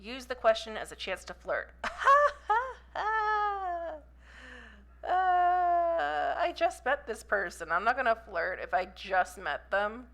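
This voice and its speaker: A woman's voice: mid-range voice, lively intonation, moderate pace, hardly any pauses, fairly bright tone. A young woman chatting casually while playing a story game, reading its text aloud and puzzling over it. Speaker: game streamer. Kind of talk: casual gameplay commentary.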